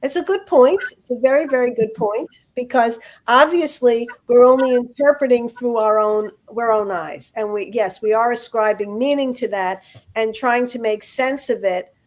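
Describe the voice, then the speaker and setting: A woman's voice: a little high, moderate pace, darkish tone. Chatty woman hosting a radio talk show. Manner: loose, full of fillers and restarts. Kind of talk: casual radio chat.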